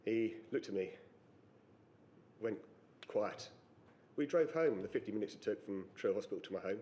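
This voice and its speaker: A middle-aged man giving personal testimony on a panel, halting and reflective with pauses and fillers. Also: fairly low pitch, animated, dark tone, slight background noise. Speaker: panel witness.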